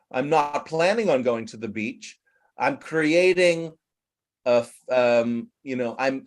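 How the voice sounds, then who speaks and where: A man teaching an online English conversation class, explaining words with examples over a video call. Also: fairly high pitch.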